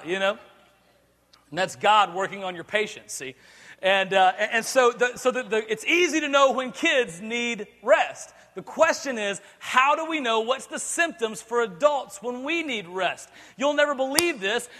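Male pastor, high bright voice, lively sermon delivery with acted-out bits, echoing church hall. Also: normal speed. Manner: animated, acts out scenes, laughs often. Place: church sanctuary.

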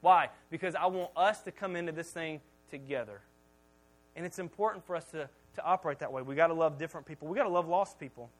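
A male pastor preaches with humor, telling animated stories and often repeating words as he begins sentences. His voice is on the high side and a little quick, and the audio quality is poor.

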